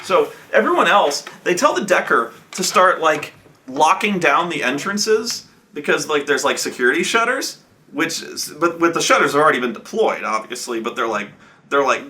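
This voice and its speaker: In a voice a little high, pushed and bright, a game master rambles through a profane retelling of a tabletop session at normal speed. He's very animated, doubling back to restart and voicing his players' quotes.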